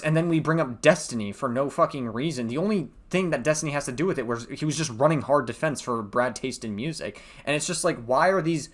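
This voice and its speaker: A man's voice: medium pitch, fairly bright tone. A man hosting a reaction commentary, heated and profane as he rants. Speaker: commentary host.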